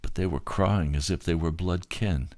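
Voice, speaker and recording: A man recounting a dream vision in the first person, halting at times, repeating words and restarting sentences. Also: low-pitched, darkish tone, no echo.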